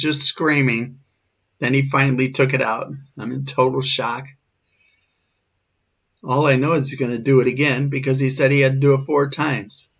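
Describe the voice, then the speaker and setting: A man's voice: mid-range voice, a bit bright. A man in his forties, shaken and earnest, telling a personal story. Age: 40s. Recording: dull lo-fi recording.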